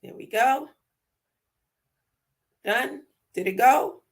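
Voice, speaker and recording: A woman hosting a spiritual livestream, speaking unhurried affirmations, laughing often and repeating words for emphasis. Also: a little high. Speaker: livestream host.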